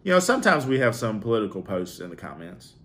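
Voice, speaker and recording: A man's voice: on the low side, very animated, quick pace, a bit bright. A man from Alabama with a Southern accent, reading viewer comments aloud in a vlog and answering them with wry, teasing remarks. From Alabama, USA. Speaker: YouTuber.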